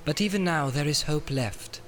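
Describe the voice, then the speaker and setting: A man reading an audiobook, voicing an ancient, wise elf queen who speaks gravely and solemnly. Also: a little high, normal speed, fairly bright tone, soft background music, pitched above the performer's own voice, close to an everyday voice.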